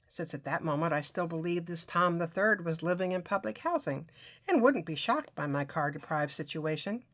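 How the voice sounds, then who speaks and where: A woman with a low voice reads her own novel aloud. She tells the first-person story wryly, with lively timing and a dry sense of humor. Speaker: author reading her novel. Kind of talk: reading fiction aloud.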